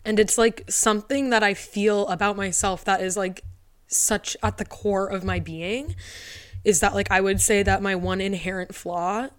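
A young woman hosts a solo podcast from her living room, speaking close into a studio mic at a moderate pace, her medium-pitched voice fairly even. She rambles, leans heavily on "like," and is tearful and laughing by turns.

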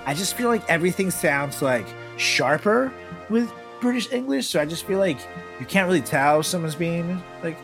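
A man co-hosting a casual comedic chat, laid-back and rambling with many fillers. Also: sits high.

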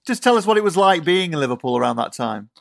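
A man's voice: on the high side, big pitch swings, quick pace, creaky, no echo. Inquisitive male host, dry close sound. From Yorkshire. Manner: inquisitive, conversational. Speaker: podcast host. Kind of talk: interviewing.

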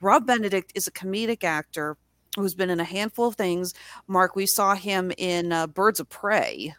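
A woman's voice: on the low side, normal speed, a bit bright, no echo, clean studio sound. A woman co-hosting a casual TV review chat, enthusiastic and rambling. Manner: enthusiastic, rambling, acts out quoted lines. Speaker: podcast co-host reviewing a TV series.

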